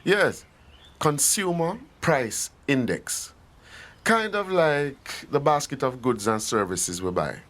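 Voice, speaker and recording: A man's voice: mid-range voice, expressive, slow, a bit bright. A Jamaican man co-hosting an economics explainer, walking through terms in a friendly way. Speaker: co-host. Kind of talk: scripted explainer dialogue.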